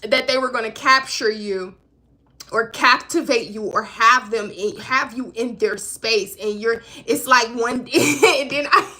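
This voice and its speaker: A woman's voice: fairly high pitch, a little slow, sharp tone. A woman giving a live-streamed spiritual reading, talking in an emphatic, profane, conversational way. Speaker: intuitive card reader.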